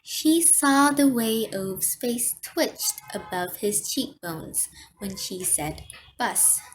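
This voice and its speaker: A woman reading an audiobook aloud in a slow, expressive manner. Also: a little high, soft background music. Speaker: audiobook reader. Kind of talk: audiobook narration.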